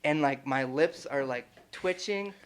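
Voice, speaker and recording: Animated swearing man telling a story. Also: mid-range voice, a little slow, clear, resonant tone. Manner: animated, swears freely, acts out quotes loudly. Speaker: podcast co-host. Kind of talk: casual storytelling chat.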